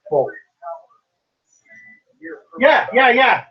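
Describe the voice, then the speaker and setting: A man casually telling a long, profane story about a friend, acting out the quotes in an animated way. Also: extremely high pitch, extremely slow, lo-fi sound. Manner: rambling, profane, animated retelling with quoted voices.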